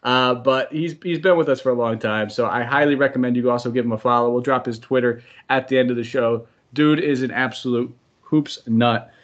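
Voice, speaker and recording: A man's voice: mid-range voice, fairly even intonation, brisk, hardly any pauses, a bit bright, lo-fi sound. A man hosting a podcast, upbeat and chatty, running through sports analysis and sometimes tripping over names. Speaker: podcast host.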